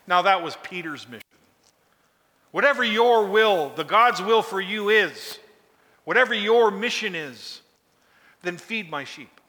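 A man's voice: high-pitched, expressive, measured pace, pushed and bright. A man preaching a sermon, urging his listeners on with emphatic, repeated calls. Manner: emphatic, repetitive exhortation. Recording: long hall reverb.

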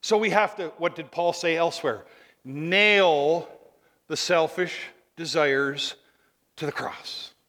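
A man preaching a sermon, telling a story with lively energy and asking the congregation rhetorical tag questions. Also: on the high side, takes it slowly, long reverb tail.

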